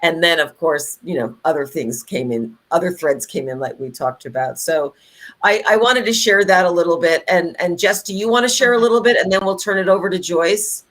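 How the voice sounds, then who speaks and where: A middle-aged woman co-hosting a podcast, chatting in an animated way with many fillers and restarts. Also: on the low side, a little fast. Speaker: podcast co-host. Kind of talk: casual conversational podcast chat.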